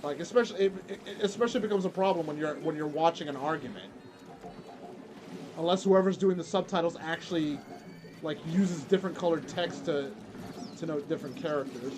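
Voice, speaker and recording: A man's voice: a little high, fairly quick, background noise. A man streaming and chatting casually while he plays a game, rambling with lots of fillers and restarts. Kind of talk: casual chat while gaming.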